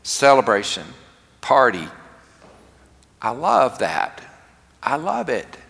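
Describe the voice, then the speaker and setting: Pastor guy preaching, animated and chatty, bright forceful voice, big echoey church. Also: mid-range voice, slow, creaky. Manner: animated, conversational, acts out quotes. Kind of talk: lively sermon. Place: church sanctuary. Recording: long reverb of a large church hall.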